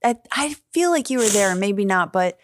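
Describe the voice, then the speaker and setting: A woman's voice: mid-range voice, moderate pace, a little hiss or hum. A woman hosting a casual podcast interview, telling stories and acting out the dialogue she quotes. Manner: animated storyteller who acts out quoted dialogue. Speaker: podcast host and stand-up comedian.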